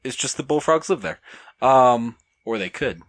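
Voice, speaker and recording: Young male podcast guest, hesitant and halting delivery, dry mic. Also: medium pitch, expressive, dry recording. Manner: hesitant, lots of ums. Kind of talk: casual podcast chat.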